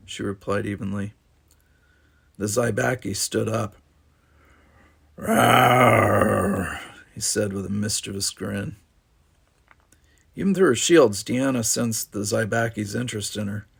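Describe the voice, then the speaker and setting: A man's voice: on the low side, vocal fry, breathy edge. A man reading a novel aloud, with wry casual asides. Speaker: audiobook narrator.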